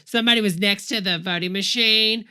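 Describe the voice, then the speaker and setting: Bright, sassy woman livestream commentator. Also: medium pitch, a little fast, clean tone. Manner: sassy, mocking asides, drawling Southern "y'all", "honey". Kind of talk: sarcastic live commentary.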